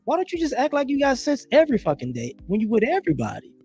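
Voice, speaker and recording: A man's voice: extremely high pitch, quick pace, slightly rough, faint music behind. A man hosting a live stream, telling stories and giving his opinions in casual commentary, acting out other people's lines as he goes. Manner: animated storytelling with voiced asides. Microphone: home streaming setup.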